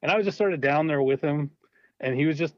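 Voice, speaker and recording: A man's voice: fairly high pitch, fast talker, no echo. A man as an interview guest, telling a story in a casual, laughing way and acting out the voices in it. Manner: animated, laughing, acts out voices in his stories. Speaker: guest, low-budget filmmaker. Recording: dull, dry lo-fi audio.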